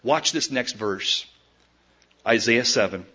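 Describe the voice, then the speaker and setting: A man preaching a sermon, emphatic, swinging between loud declarations and quiet asides and calling his listeners folks. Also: mid-range voice, slow pace, slightly rough. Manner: addresses the listeners directly as folks. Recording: dull lo-fi recording.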